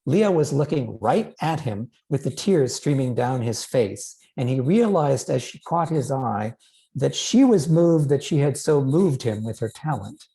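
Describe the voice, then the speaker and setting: A man, a novelist, reading aloud from his own book in a measured, expressive way. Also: medium pitch, rough recording.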